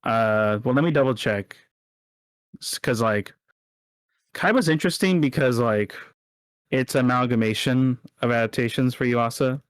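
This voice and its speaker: A man talks loosely on a podcast, his voice sitting at an ordinary pitch. He rambles, stops to correct himself and laughs often. The recording is dry and close, with no room sound. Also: unhurried, pauses often, smooth, no echo. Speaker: podcast co-host. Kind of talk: casual chat.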